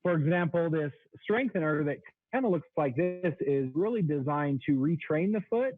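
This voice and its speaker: A man's voice: expressive, normal speed, no echo. A man in his thirties, a sales trainer, explaining products as a guest on a radio show. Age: 30s. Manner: explanatory, product-pitch delivery. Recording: tinny phone line, dry.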